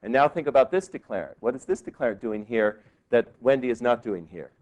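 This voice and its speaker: A male law professor giving a classroom lecture, lively and quizzing his students with questions. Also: medium pitch, fairly quick. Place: law school lecture hall.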